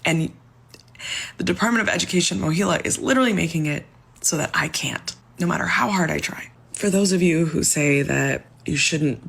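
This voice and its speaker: A woman's voice: low-pitched, moderate pace, creaky, a bit bright, slightly rough. A young woman telling her own story in a frustrated tone, explaining at length and sometimes dropping to a whisper. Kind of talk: personal testimony video.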